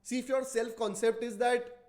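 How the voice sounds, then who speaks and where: A man's voice: very high-pitched, flat delivery, normal speed, a little mellow. A man hosting a motivational podcast, speaking emphatically, repeating key phrases and putting rhetorical questions to his listeners. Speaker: podcast host. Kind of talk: motivational talk.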